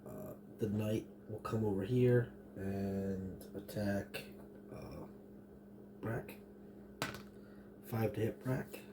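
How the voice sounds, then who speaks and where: A man running a tabletop game as game master, describing scenes and monster actions in a halting way full of fillers. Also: lowish voice, fairly even intonation, noisy background.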